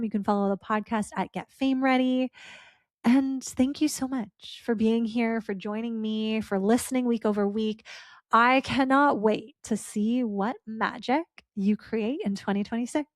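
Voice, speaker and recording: A woman's voice: on the high side, dry recording, clean studio sound. A young adult woman hosting her own podcast, talking in a heartfelt, effusive and chatty way, with casual fillers and the odd swear word. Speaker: podcast host. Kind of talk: casual solo podcast reflection.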